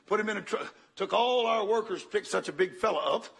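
An older man preaches with a gravelly, husky rasp. His voice sits high and bright for a man. He tells his story dramatically, jumping from loud bursts down to hushed murmurs. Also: a little fast. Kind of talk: sermon.

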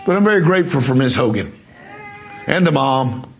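Gravelly man preaching with emphasis. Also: medium pitch, sing-song, normal speed, a little hiss or hum. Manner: emphatic storytelling, quizzing the congregation. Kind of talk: sermon with testimony.

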